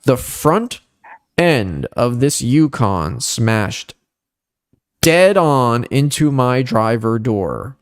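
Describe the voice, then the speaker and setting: A young man hosting a casual podcast, telling a story animatedly and jumping up in pitch at the dramatic moments. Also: sing-song, extremely slow, slight background noise. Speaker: podcast host.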